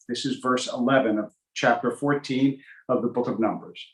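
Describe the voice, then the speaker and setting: A rabbi teaches an informal Torah class, speaking in a loose, conversational way full of ums and uhs. He slips in dry, sarcastic jokes as he goes. His mid-pitched voice rings out in a noticeably echoey room. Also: normal speed. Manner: dry, joking asides with many fillers. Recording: roomy echo.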